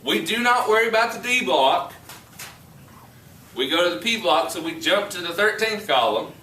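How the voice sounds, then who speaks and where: A man teaches chemistry to a high school class, his bright, forward voice rising and falling with lively energy as he jokes with the students. He sits a little high for a man. The sound is picked up from across an echoey classroom. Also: moderate pace, distant mic, slight background noise. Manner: lively, joking and teasing with students. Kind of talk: classroom lecture.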